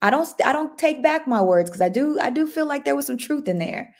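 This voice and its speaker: A woman hosting a casual motivational livestream, upbeat and excitable, often restarting and repeating herself. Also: high voice, fairly quick. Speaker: livestream host.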